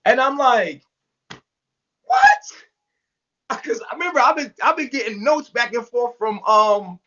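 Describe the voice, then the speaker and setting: A man's voice: very high voice, moderate pace. A man telling a story in casual, profane talk, acting out what others said in their voices. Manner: animated, profane, acts out quotes in voices. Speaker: interview guest. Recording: dull lo-fi sound.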